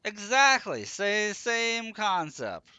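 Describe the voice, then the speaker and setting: A man's voice: sits high, sing-song, slow pace, pushed and bright, clean tone, no room sound. A male streamer chatting casually with viewers over gameplay in a laid-back way. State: sleepy, yawning. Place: room at home.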